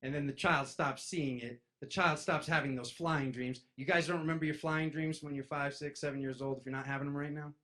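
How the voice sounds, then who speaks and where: A man's voice: a little high, a little fast, few pauses. A man giving a casual spiritual talk to an audience, telling stories and acting out other people's voices. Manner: animated, acts out voices in stories, addresses crowd as "you guys". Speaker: spiritual speaker.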